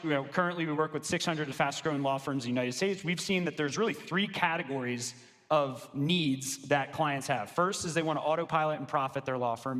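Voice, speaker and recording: Energetic man presenting in a big echoey hall. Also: fairly high pitch. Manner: energetic, casual, slangy. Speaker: business coach presenting to law firm owners. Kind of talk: live sales presentation. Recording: long reverb of a large hall.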